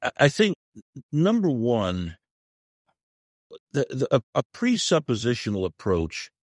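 An older man, a pastor, explaining theology as a radio guest, thoughtful and halting as he restarts his sentences. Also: fairly low pitch, dry recording, clean studio sound. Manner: thoughtful, halting, repeats words as he starts.

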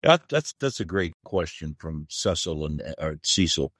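Older pastor guy, super deep voice, halting, thinks as he talks, dry sound. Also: sing-song, breathy edge, no echo. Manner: thoughtful, halting, repeats words as he starts. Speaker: pastor, radio guest. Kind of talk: explaining theology on a radio show.

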